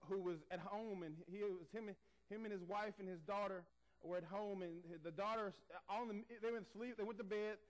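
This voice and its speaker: A man preaching a sermon, moving from raised, emphatic passages to quieter storytelling. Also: sits high, rough recording.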